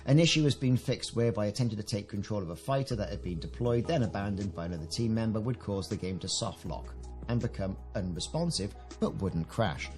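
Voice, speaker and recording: Chatty British man with a low voice. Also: lively intonation, a little fast, a little mellow, faint music behind. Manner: chatty, enthusiastic asides while reading patch notes. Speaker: gaming video creator. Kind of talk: casual game update commentary.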